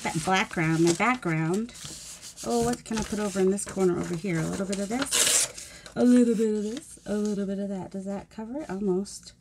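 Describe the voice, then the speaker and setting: A woman's voice: mid-range voice, slight background noise. A woman chatting in a rambling, self-deprecating way while she works on a mixed media collage. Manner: rambling, musing aloud while working. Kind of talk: chatty crafting vlog.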